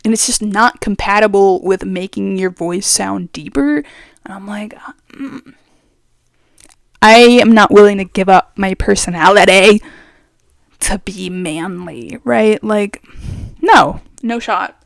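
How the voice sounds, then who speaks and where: A young adult trans man chatting casually as a vlogger, rambling and expressive, his voice going up and down, speaking very close to the mic. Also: high-pitched, measured pace, gravelly, no echo. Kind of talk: casual chat.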